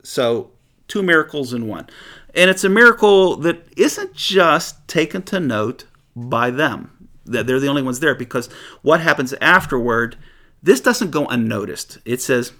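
Gravelly man teaching the Bible casually. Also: medium pitch, measured pace. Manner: conversational, animated, chuckles often.

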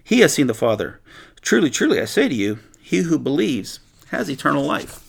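Male preacher, gravelly, animated verse-by-verse teaching, casual paraphrase. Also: on the high side, a little fast, a little hiss or hum. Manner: animated, reads scripture aloud then paraphrases it conversationally, laughs often. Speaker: Bible teacher. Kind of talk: sermon, verse-by-verse Bible teaching.

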